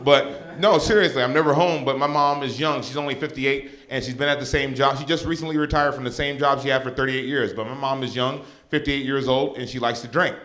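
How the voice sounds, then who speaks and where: A man doing a stand-up routine on a comedy club stage, telling stories with animated delivery. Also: mid-range voice, a little fast, hardly any pauses. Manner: animated storytelling. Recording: live club with laughing crowd.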